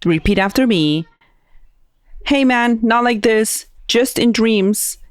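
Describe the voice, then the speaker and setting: A woman quoting a calm, collected male radio host who talks a frightened caller through a haunting. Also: high-pitched, takes it slowly, no echo, clean studio sound, voice pushed up. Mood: soothing. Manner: soothing, firm reassurance.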